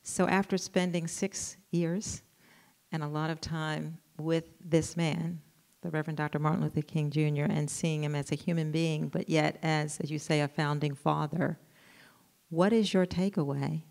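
A woman moderates a live author talk in a very deep voice with a gravelly edge. She asks her questions in a measured, thoughtful way, building them up slowly. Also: fairly even intonation, a little mellow. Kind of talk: live event interview questions. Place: museum event room with audience.

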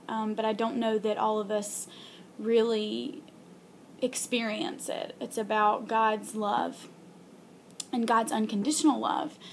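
A young woman in a casual vlog telling a heartfelt faith story, earnest and halting with many ums and restarts. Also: mid-range voice, slight background noise. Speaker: video blogger.

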